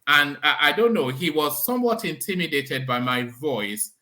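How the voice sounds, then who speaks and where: A man's voice: on the high side, lively intonation, moderate pace, bright, forceful tone. A man hosting a casual live discussion, chatty, laughing often and stumbling over repeated words. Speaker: host.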